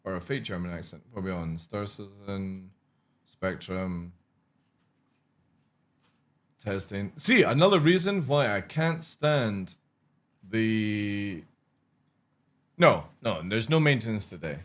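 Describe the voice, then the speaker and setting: A man's voice: fairly low pitch, lively intonation, measured pace. A man chatting casually to his chat while streaming a game, rambling and swearing freely.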